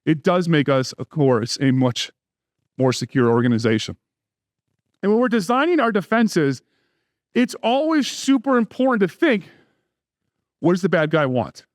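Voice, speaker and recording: A middle-aged man presents at a conference in a conversational way, breaking in with joking asides. His voice sits high for a man. The sound is dry and close, with no room echo. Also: big pitch swings, moderate pace, pauses often. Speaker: security conference speaker. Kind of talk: conference talk.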